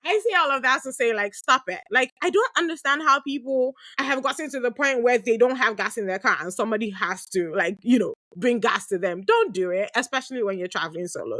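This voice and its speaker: A woman in her thirties talks openly on her own podcast. She has a fairly high voice, and she rambles through her stories with frequent laughter. The sound is close and dry, with no room ring. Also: no echo. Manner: lively, chatty, laughs often, many fillers. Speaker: podcast host answering listener questions. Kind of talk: candid conversational storytelling.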